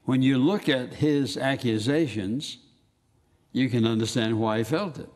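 A man's voice: medium pitch, darkish tone. Man preaching an emphatic sermon. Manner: emphatic, quotes scripture in slow dramatic readings.

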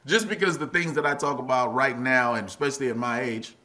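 A middle-aged man and comedian, a guest on a podcast, telling stories in a loose, chatty way and breaking into laughs as he goes. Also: brisk. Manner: animated, acts out quotes in a much higher voice, laughs often. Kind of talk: casual podcast interview storytelling.

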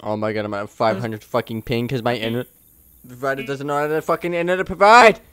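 A man's voice: medium pitch, fast, fairly bright tone, raised voice. A tipsy man in casual gaming chat with friends, swearing and calling out threats in the game. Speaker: gamer streaming with friends.

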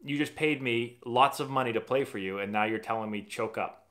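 Hosting an easygoing live stream, a man from Massachusetts responds to viewer questions, rambling and storytelling chattily with frequent restarts. His voice is mid-range and a bit bright, and he speaks a little fast.

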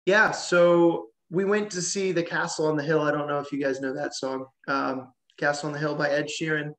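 A man's voice: a little high, fairly even intonation, fairly bright tone. Guy on a webinar telling a story, lots of ums, dry jokes, kinda echoey room. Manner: halting, many fillers, dry sarcastic humor. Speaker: webinar panelist. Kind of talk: casual anecdote. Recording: roomy echoey room sound.

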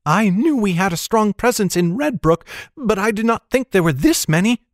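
Anxious young girl, breathless, high and light, storybook reading, a man putting on the voice. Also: animated, moderate pace, no room sound, clean studio sound.

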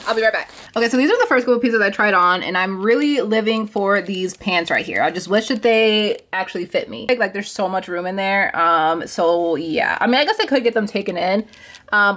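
A young woman vlogging in a casual, chatty way, her voice jumping up high when she gets excited. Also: dry recording. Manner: chatty and animated, swoops up high on exclamations. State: out of breath. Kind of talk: casual vlog chat.

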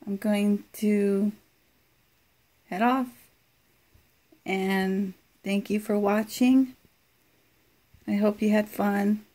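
A woman's voice: medium pitch, steady tone, very slow, pauses often, dark tone. A woman casually reviewing a smart speaker at home, chatty, laughing and talking back to the device. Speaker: product reviewer.

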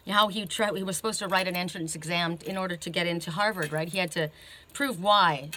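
A woman oracle reader tells a story in a casual, wandering way, stumbling over her words and starting lines again. Her voice sits slightly low, but its tone is bright and forward. She keeps checking in with her listeners. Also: fairly even intonation, fast talker, slight background noise. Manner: rambling retelling full of "you know" and "right?"; self-interrupting, restarts her sentences often. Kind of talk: casual storytelling in a card reading.

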